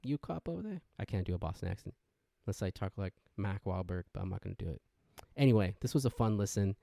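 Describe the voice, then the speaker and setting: Rambling, low-voiced podcast host. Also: male voice, quick pace, gravelly, no room sound, clean studio sound. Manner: rambling storytelling with sudden excited jumps. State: wired on energy drink. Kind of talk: casual solo intro rant.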